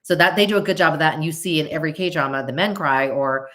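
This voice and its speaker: A middle-aged woman hosts a podcast, chatting casually and answering viewer questions, often breaking off mid-sentence and laughing easily. Her voice is low-pitched and fairly bright, and she talks quickly in a chatty, self-interrupting way.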